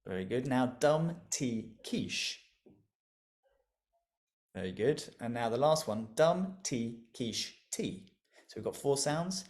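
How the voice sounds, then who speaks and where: A man's voice: mid-range voice, animated, measured pace, long pauses, darkish tone. A man leading an interactive online music lesson over a video call, encouraging and playful, laughing often as he leads the group in call-and-response.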